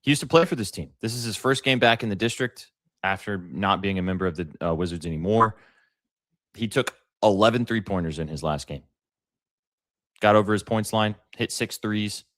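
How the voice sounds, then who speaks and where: A man hosting a sports betting show, pitching his picks casually and addressing chat directly. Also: normal speed, a bit bright, no echo, clean studio sound. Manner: hyped, talks to chat directly.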